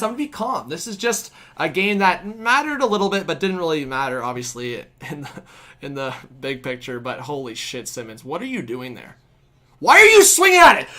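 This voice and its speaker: A young man hosting a live hockey stream, calling plays excitedly and chatting casually with viewers. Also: mid-range voice. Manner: excitable, shouts at big plays, chats with viewers. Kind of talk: hockey play-by-play and chat.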